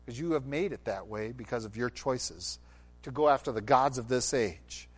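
A man's voice: medium pitch, animated, moderate pace, slightly rough. A middle-aged man preaching a sermon, with acted quotes and passionate, rising delivery. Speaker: pastor.

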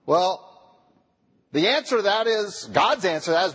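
Animated husky preacher in an echoing hall. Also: male voice, high voice, moderate pace. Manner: animated, repeated rhetorical questions. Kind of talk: sermon. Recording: long reverb of a large hall.

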